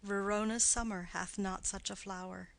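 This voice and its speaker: A woman's voice: mid-range voice, fairly even intonation, moderate pace, vocal fry, close to an everyday voice. A woman reading as a cool noble mother. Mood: measured. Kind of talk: audiobook play reading.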